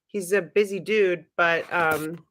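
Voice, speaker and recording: A woman's voice: fairly low pitch, fairly even intonation, slow, a bit bright. A woman hosting a casual livestream, chatty and giggly, who swears freely and talks straight to her viewers. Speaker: livestream host.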